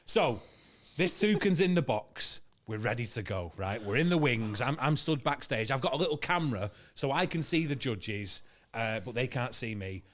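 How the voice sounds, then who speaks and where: Animated sweary comic storyteller. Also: male voice, mid-range voice. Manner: animated, sweary, laughs through his own story. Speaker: comedian guest.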